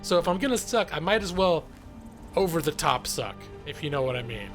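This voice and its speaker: A man rambles cheerfully through live gameplay commentary, poking fun at himself as he goes. His voice sits a little higher than most men's. Faint music plays beneath his talk. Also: very animated, a little fast. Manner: chatty, joking, self-deprecating. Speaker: gaming streamer.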